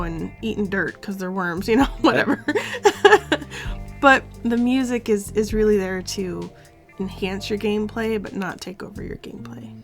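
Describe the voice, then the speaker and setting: A woman with a mid-range voice gives relaxed, teasing comments in a game review chat. Faint guitar music sits behind her. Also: mid-range voice. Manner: playful, laughs often, dry teasing.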